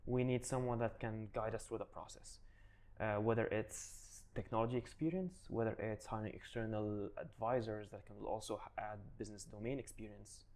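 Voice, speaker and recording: A man with a fairly low voice talks loosely as an interview guest. He restarts sentences and leans on "you know" as he explains. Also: fairly even intonation, normal speed, a little mellow. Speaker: guest, digital advisor. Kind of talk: casual interview answers.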